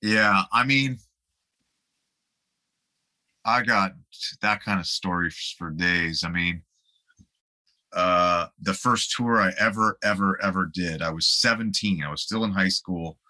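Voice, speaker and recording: A man's voice: sits low, measured pace, pauses often, pushed and bright. A man, a guest musician, telling rambling anecdotes in a casual interview and laughing along the way.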